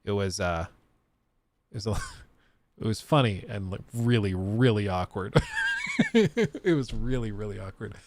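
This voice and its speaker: A man's voice: lowish voice, expressive, unhurried, pauses often, a little mellow, a little hiss or hum. A young man streaming live, chatting casually and laughing as he reacts to a game trailer and explains technical details.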